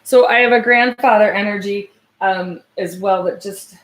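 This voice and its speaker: This psychic medium speaks at a medium pitch during a live reading. Her delivery is tentative and searching, crowded with fillers and restarts, and it becomes gentle and unhurried whenever she conveys a message.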